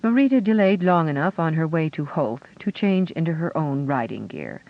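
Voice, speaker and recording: A man narrating a fantasy audiobook with a steady storytelling delivery. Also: fairly high pitch, normal speed, vocal fry. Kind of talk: scripted narration. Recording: dull lo-fi audio.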